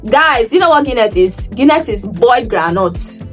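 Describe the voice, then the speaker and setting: A woman from Nigeria telling stories to her travel vlog viewers, animated, often repeating words for emphasis. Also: on the high side, normal speed, far from the mic, soft background music. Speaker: travel vlogger. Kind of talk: casual vlog storytelling.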